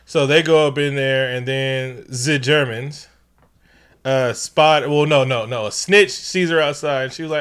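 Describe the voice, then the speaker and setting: A man's voice: mid-range voice, measured pace, fairly bright tone, clear, resonant tone. Podcast co-host, man, loose comic storytelling, lots of laughing. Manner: laughs often, acts out characters in slangy voices. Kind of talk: casual comedic movie recap.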